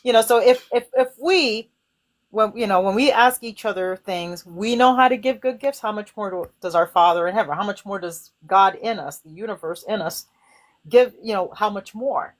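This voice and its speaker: Woman host chatting about forgiveness stuff, animated, acts out the voices in her head. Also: mid-range voice, moderate pace. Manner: animated, acts out inner voices with sighs and cries. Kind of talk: casual spiritual chat.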